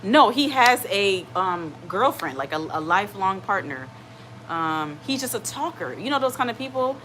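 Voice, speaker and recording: A woman's voice: mid-range voice, sing-song, moderate pace, a bit bright, a little hiss or hum, rough recording. A woman hosting a live stream in casual chat. She rambles, reads out viewer comments and reassures people, often checking in with "okay?". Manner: reassuring, keeps asking "okay?".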